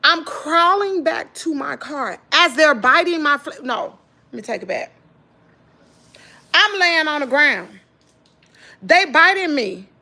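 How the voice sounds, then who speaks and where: A woman's voice: high voice, takes it slowly, long pauses. A middle-aged woman with a Mississippi Southern accent tells her viewers an emotional personal story, emphatic and direct. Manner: animated, emphatic, addresses listeners as girl and y'all. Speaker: vlogger.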